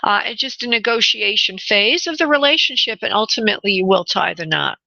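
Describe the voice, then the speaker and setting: Woman radio medium, halting and filler-heavy, affectionate "honey" to callers; gravelly voice, dull lo-fi sound. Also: medium pitch, animated, pushed and bright, no room sound. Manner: halting, many fillers, relays spirit messages, calls callers honey. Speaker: spirit medium and radio show host. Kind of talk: call-in psychic reading on radio.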